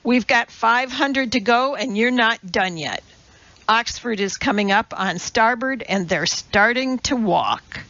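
A woman's voice: on the high side, unhurried, bright, forceful tone, dry recording, highs cut off. A woman voicing a short, fierce male rowing coxswain who snarls and barks commands in a storybook reading. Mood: barking orders.

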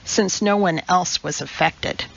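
A woman's voice: fairly low pitch, measured pace, vocal fry, a bit bright, lo-fi sound, full character voice. A woman reading an audiobook, voicing a composed, matter-of-fact female chemist. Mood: cool. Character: calm, precise female chemist.

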